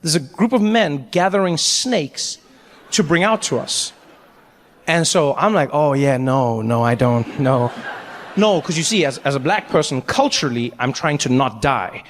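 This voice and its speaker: Animated male stand-up comedian. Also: a little high, normal speed, in a large hall, slight background noise. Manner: animated, acts out voices, laughs through lines. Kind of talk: stand-up storytelling.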